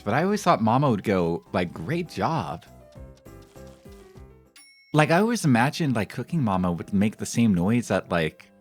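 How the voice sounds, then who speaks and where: A man streaming a cooking game, chatting casually and making crude, rambling jokes with lots of fillers. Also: medium pitch. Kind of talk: casual gameplay commentary.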